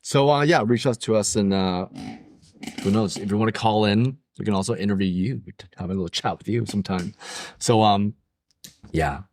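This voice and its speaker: Low-voiced man hosting a podcast. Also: moderate pace, a little mellow. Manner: rambling, filler-heavy, joking. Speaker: podcast co-host. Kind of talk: casual chat. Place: room with the other hosts and guest.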